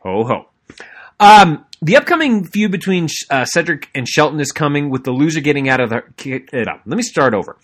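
A man's voice: a little high, lively intonation, brisk, hardly any pauses, fairly bright tone. A young adult man co-hosting a podcast, giving an enthusiastic, rambling wrestling recap with lots of fillers and restarts. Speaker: podcast co-host. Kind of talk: casual wrestling recap monologue.

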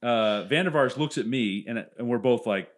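A man hosting a podcast in casual banter, telling a story with energy and acting out the shouts. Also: medium pitch, normal speed, crowd noise. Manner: animated, acts out yelling in stories.

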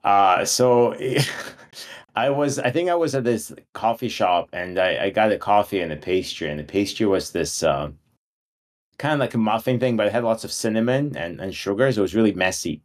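Low-voiced man telling animated stories. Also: normal speed. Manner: animated storyteller, laughs through his anecdotes. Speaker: podcast guest. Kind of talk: casual storytelling.

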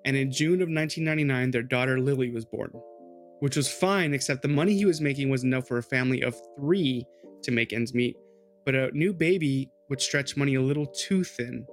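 A man's voice: mid-range voice, brisk, faint music behind. A man co-hosting a podcast, telling a true crime story in a loose, rambling, casual way. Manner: loose, rambling, with lots of "like" and "dude".

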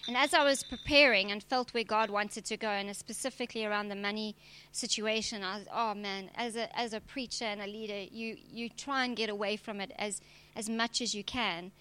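A woman's voice: medium pitch, fairly even intonation, fairly quick, pushed and bright, clear, resonant tone. A woman preacher, giving a direct, emphatic sermon with touches of humor. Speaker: preacher and church leader.

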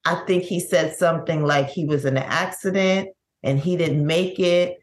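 A middle-aged woman, a bereaved mother, telling her story in an interview, with halting, vivid recounting and many restarts. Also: low-pitched. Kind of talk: emotional personal storytelling.

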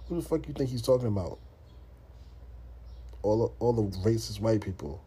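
A man's voice: fairly low pitch, lively intonation, normal speed, pauses often, dark tone, breathy edge. A man from the United States hosting a podcast, talking in a blunt, profane, casual monologue full of restarts. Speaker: podcast host.

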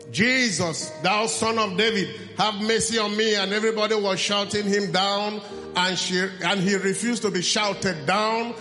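A man's voice: high-pitched, bright, forceful tone. A man preaching a sermon with an impassioned, pleading delivery. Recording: long hall reverb with faint music.

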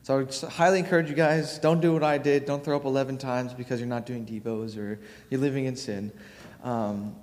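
A man's voice: medium pitch, a little mellow. A young man giving a casual youth sermon, informal and full of fillers as he tells a personal story. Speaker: youth preacher. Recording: long hall reverb.

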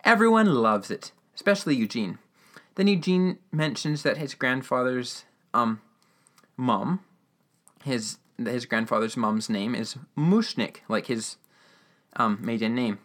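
A man's voice: mid-range voice, unhurried, a bit bright. Rambling, enthusiastic man recapping. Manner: rambling, enthusiastic, filler-heavy. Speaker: radio-drama episode reviewer. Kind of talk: casual recap.

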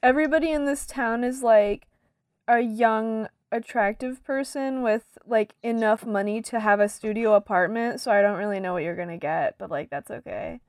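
A woman's voice: fairly high pitch, moderate pace, no echo, clean studio sound. A woman running a tabletop game as game master, laid-back and hesitant, with many fillers. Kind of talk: casual tabletop game narration.

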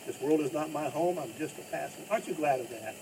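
A pastor preaching a sermon in an emphatic style, rising to loud bursts and dropping low. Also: male voice, fast, gravelly. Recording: distant mic with faint noise.

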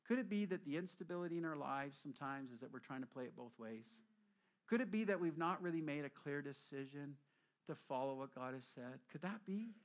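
A middle-aged man preaching a sermon as a pastor, telling stories lively and acting out quoted voices. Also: fairly high pitch, brisk.

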